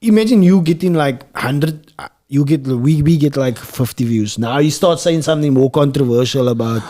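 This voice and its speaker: A man's voice: on the high side, normal speed, mellow. A man co-hosting a casual podcast chat, rambling and repeating words as he works out a point. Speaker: podcast co-host.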